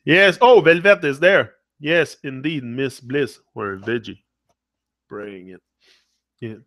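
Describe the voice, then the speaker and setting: A man's voice: medium pitch, slow pace, fairly bright tone, no room sound. Casual livestream host, young man with a Quebec accent, loose and chatty, bilingual, mid-range voice, dry sound. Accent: Quebec French. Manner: switches between French and English, many fillers. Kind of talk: casual live chat with viewers.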